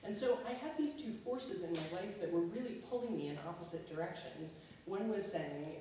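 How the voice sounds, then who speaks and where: An American woman from California giving a casual, halting talk to a school audience, with many fillers. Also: fairly low pitch, dark tone, recorded from a distance, slight background noise. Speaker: guest speaker, artist. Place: school hall. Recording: echoey school hall from afar.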